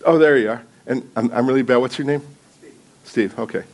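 A man of medium pitch speaks briskly, his tone a little mellow. As a guest preacher in a church sanctuary, he eases into the sermon with casual, self-deprecating stories and frequent laughter before the congregation.

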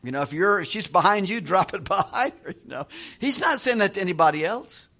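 Middle-aged man preaching a conversational sermon, slightly high voice, chuckles, restarts his phrases. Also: animated, brisk, bright, forceful tone. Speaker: pastor.

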